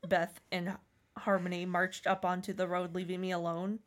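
A woman's voice: on the low side, steady tone, normal speed. A young woman reading her teenage fan fiction aloud, theatrical, her voice jumping up for the quoted lines. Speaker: co-host reading her old writing aloud.

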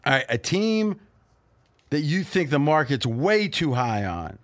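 A man's voice: fairly high pitch, big pitch swings, unhurried. A man hosting a sports betting talk show, joking and rambling through casual banter with his co-hosts.

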